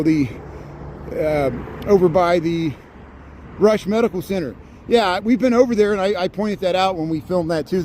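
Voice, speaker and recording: A man with a Chicago accent live-streaming a walking tour, chatting casually and greeting viewers by name as he walks outdoors. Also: fairly high pitch. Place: outdoors on a busy city street. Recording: clear traffic noise behind.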